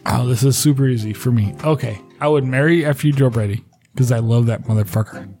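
A man's voice: mid-range voice, brisk, warm tone, soft background music. A man on a podcast as a guest, playful and profane in casual banter.

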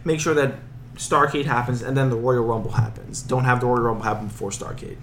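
A man's voice: mid-range voice, brisk, a bit bright, slight background noise. A man co-hosting a casual wrestling chat, joking and stumbling over names as he talks. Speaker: podcast co-host.

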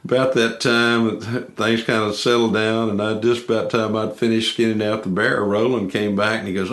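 A man with a low voice and a drawl recounts a hunting tale in a folksy, unhurried way. He repeats himself and restarts his sentences as he talks. The recording has a roomy echo around his voice. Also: level tone, fairly bright tone. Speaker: hunter telling a story. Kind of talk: casual spoken storytelling.

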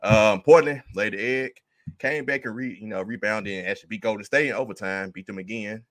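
A man's voice: fairly low pitch, brisk, fairly bright tone, no room sound. A man hosting a sports podcast, leading the talk in an easygoing, chatty way. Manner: easygoing, laughs often, leads the segments. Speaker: podcast host. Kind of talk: casual sports chat.

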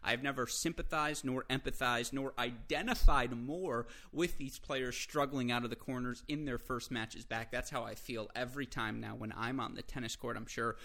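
Energetic man hosting a solo podcast. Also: medium pitch, normal speed, few pauses. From United States. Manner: energetic, conversational, self-deprecating asides. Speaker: podcast host.

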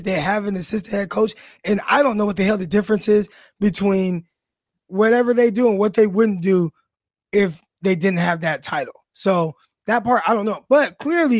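A hoarse man with a high voice talks football in a blunt, casual way, laughing and stumbling over repeated words. The sound is dry and close, with no room around it. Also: no echo. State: losing his voice, hoarse. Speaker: co-host, former player. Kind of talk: casual sports talk.

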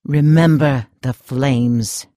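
A man's voice: medium pitch, fairly even intonation, dark tone, no room sound, studio quality, close to an everyday voice. A man doing a grim, vengeful swordsman. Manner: grim, measured, menacing.

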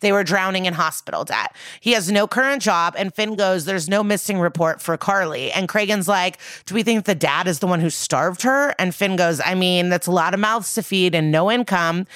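Casual podcast girl recapping a show, kinda low voice, swears a lot, dry close mic. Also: normal speed, few pauses, fairly bright tone, clean tone, dry recording. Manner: swears casually, retells scenes with quoted dialogue. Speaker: podcast co-host.

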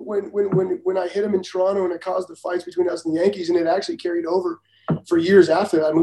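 A man, a former major league pitcher, telling blunt, profane stories in a casual talk and laughing often. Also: gravelly, warm tone, reverberant, rough recording. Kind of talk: casual storytelling.

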